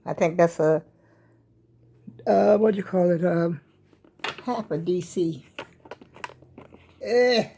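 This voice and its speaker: A woman's voice: on the low side, slow pace, vocal fry, long pauses, warm tone, a little hiss or hum. An older woman, chatting casually and rambling folksy to her viewers at home while a little out of breath. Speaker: vlogger showing her crochet. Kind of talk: casual chat to camera.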